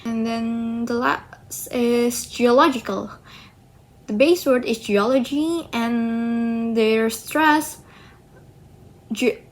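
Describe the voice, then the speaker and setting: A woman, presenting slides in a student project on word stress, talking haltingly with frequent restarts. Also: a little high. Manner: halting, slow, restarts and self-corrections. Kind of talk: slide presentation explaining pronunciation.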